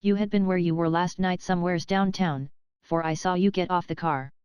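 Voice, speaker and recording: Brief: furious jealous husband, read by a woman, harsh accusing shouts, lowish voice, very clear. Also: fairly even intonation, normal speed, dry recording, muffled recording, lightly acted. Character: angry jealous young husband, a laborer.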